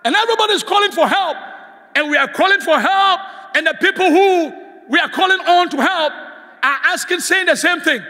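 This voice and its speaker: A man serving as guest speaker preaches in a church sanctuary, passionately shouting for the congregation to respond. His very high-pitched voice moves at a moderate pace with frequent pauses, and the recording has a big-room sound.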